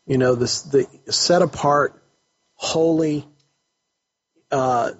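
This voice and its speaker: Earnest husky man on a lo-fi recording. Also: a little high, steady tone, takes it slowly. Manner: earnest, repeats words while searching for phrasing. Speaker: counselor host. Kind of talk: casual faith talk. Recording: dull lo-fi recording.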